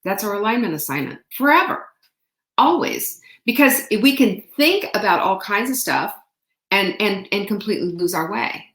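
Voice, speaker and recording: A woman hosting a casual motivational talk, telling a story in an animated way and acting out quotes. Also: medium pitch, normal speed, reverberant. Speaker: host.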